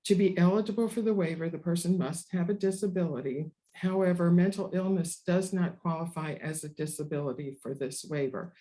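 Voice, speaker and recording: A presenter giving an informational webinar, explaining program rules in a measured way, partly read and partly ad-libbed. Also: mid-range voice, dark tone, rough recording. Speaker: disability advocacy presenter.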